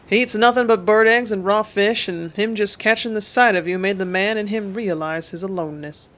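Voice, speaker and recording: A gruff sea captain with a blunt, fatherly way of lecturing, as a reader puts him on. He sounds firm and plain-spoken, a storybook skipper explaining hard truths. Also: high voice, fairly quick, fairly bright tone. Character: gruff middle-aged male ship captain, blunt.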